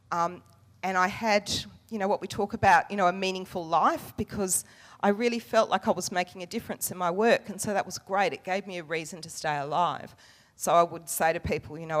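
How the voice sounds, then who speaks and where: A woman's voice: mid-range voice, big-room sound. A woman giving a candid personal talk to a conference audience, frank and self-mocking, swearing casually and laughing often. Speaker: conference workshop speaker. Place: conference room before a live audience.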